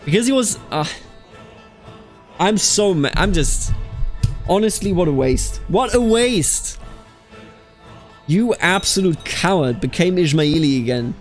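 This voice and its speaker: A man's voice: sits high, measured pace, long pauses, soft background music. A man hosting a strategy game let's play, chatting casually with exasperated outbursts and reading game events aloud. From Bavaria. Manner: animated, exasperated outbursts, calls people dude.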